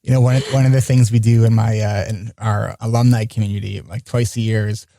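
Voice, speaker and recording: A man's voice: on the low side, little pitch movement, a little fast, creaky, mellow, dry recording, studio quality. A man hosting a podcast in casual chat, rambling and often restarting his sentences. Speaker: podcast host.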